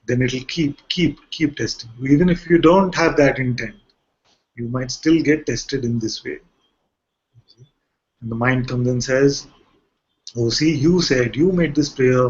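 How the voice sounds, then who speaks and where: On a muffled, lo-fi recording, a spiritual teacher gives a conversational talk to a gathering, leaning often on rhetorical questions. His voice sits at medium pitch with a husky quality.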